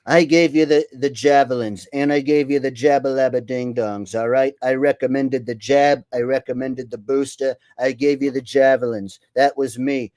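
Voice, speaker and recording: A man's voice: medium pitch, fairly even intonation, normal speed, few pauses, darkish tone, no room sound, close to an everyday voice. A man putting on the voice of a boastful older president who rambles and keeps saying "all right?". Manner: repeats "all right?", brags and boasts, mocking. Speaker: host doing an impression. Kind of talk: comedic impression.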